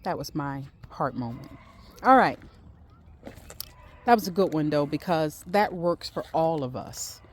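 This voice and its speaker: A woman's voice: sits low, expressive, measured pace, pauses often. A woman chatting casually while she walks through her backyard garden, speaking in a faith-filled, repetitive way. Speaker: gardening vlogger.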